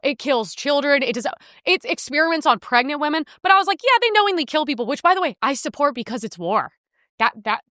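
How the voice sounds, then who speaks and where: A woman hosting a podcast, ranting in heated, fast commentary and clipping her swear words short, with a sore throat. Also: high-pitched, pushed and bright, dry recording, clean studio sound. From United States. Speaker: podcast host.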